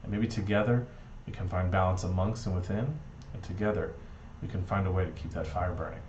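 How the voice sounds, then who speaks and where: A man tells a parable with playful, earnest warmth in a lowish voice. His voice carries a roomy echo, the sound is a little dull, and there is faint noise beneath it. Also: fairly even intonation, brisk. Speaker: speaker giving a Shabbat reflection. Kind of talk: storytelling reflection. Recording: dull echoey room recording.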